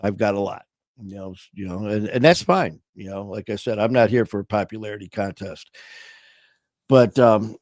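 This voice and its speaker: A man's voice: lowish voice, moderate pace, a little mellow, no echo, studio quality. A man hosting a livestream, chatting casually in a rambling, informal way full of fillers. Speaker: livestream host.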